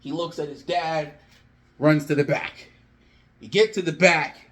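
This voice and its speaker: A man's voice: a little high, fairly even intonation, unhurried, fairly bright tone. A man casually narrating an imagined wrestling storyline, rambling and talking straight to his viewers. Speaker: wrestling fan vlogger. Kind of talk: rambling fan booking commentary.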